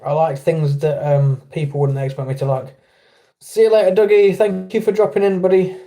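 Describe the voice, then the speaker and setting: A man's voice: fairly high pitch, flat delivery, fairly quick, dark tone. A man with an English accent hosting a casual livestream, chatting with viewers and greeting them by name. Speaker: livestream host.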